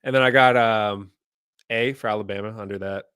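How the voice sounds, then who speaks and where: A young man co-hosting a podcast, chatting casually and a little self-consciously. His volume jumps between loud bursts and mumbles. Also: on the low side, fairly even intonation, fairly quick, clear, resonant tone, no room sound, studio quality. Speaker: podcast co-host. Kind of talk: casual chat.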